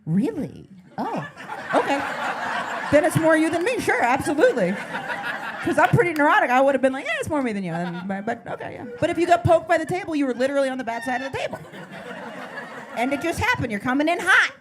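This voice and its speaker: A woman comedian on a club stage, doing crowd work and a stand-up set in a neurotic, self-deprecating way, breaking into loud mock panic. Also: high-pitched, very animated, fairly quick. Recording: live club recording with audience noise.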